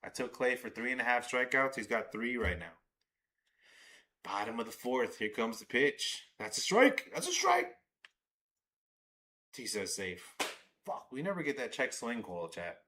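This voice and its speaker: Male streamer, bright edgy voice, excitable and profane, live watch-along commentary. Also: medium pitch, normal speed. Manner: excitable, swears, talks to chat. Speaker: livestream host.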